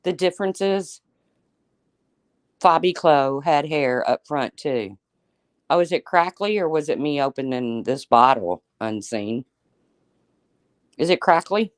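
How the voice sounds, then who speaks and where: A woman's voice: low voice, expressive, a little slow, pauses often, dry recording. Chatty woman livestream host, dry sound. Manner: chatty and teasing, often laughing, addresses viewers by name. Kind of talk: casual livestream chat reading viewer comments.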